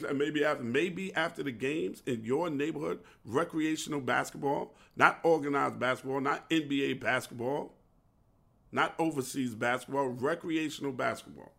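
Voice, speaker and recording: Gravelly preachy New man. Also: mid-range voice, moderate pace, fairly bright tone. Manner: impassioned, preachy rant with street slang. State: feeling unwell. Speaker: podcast host. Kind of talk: solo podcast monologue.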